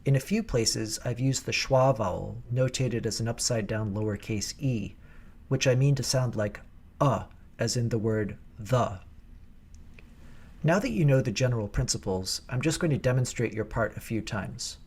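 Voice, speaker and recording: A man's voice: medium pitch, normal speed, a little mellow, slightly rough. A man coaching choir singers in a recorded rehearsal lesson, explaining diction precisely and patiently.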